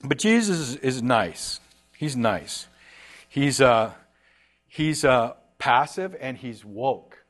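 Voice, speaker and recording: A male preacher talking to a congregation in a loose, conversational way. He tosses in slang and briefly acts out the lines of the people he quotes, with a middle-pitched voice. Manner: casual and animated, slangy asides like "dude"; voices imagined speakers in quick asides. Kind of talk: sermon.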